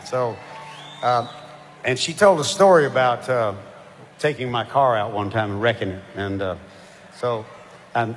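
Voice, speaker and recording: An older man, a touring singer chatting between songs in a halting, rambling way with lots of fillers. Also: mid-range voice, a little hiss or hum. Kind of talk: onstage banter between songs. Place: concert stage. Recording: live hall reverb with band music.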